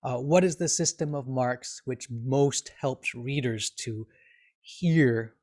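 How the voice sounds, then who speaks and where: Brief: male grammar teacher, live streamed lesson, explanatory, fillers and restarts, mid-pitched voice. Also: slow. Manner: reads example sentences with expressive inflection.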